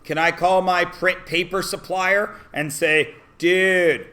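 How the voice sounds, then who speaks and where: A man's voice: high voice, steady tone, a little slow, pushed and bright. A man teaching a math class, asking the students questions and often answering them himself. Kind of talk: classroom lesson.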